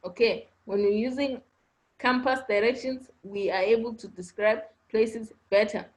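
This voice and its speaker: A woman's voice: fairly high pitch, steady tone, unhurried, poor audio. A woman teaching an online class, patiently repeating points and checking understanding with frequent "okay?" prompts. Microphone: online video class audio.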